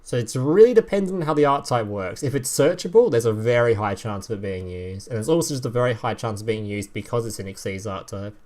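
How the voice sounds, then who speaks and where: A man chatting on a live stream while reviewing game cards. His pitch swings up and down all the time, and he reads card text between casual, profane asides. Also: fast, few pauses. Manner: animated, swearing, laughing, reading card text aloud.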